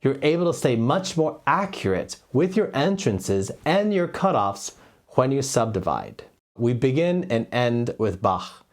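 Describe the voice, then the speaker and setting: Male cello teacher, middle pitch, steady explainer who counts beats aloud, lapel mic. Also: measured pace. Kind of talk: music lesson. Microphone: lavalier.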